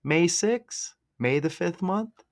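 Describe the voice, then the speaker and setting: A man's voice: high voice, lively intonation, slow pace. A man hosting a casual video, commenting sarcastically over game footage and laying out number-cipher theories. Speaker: sports commentary video host.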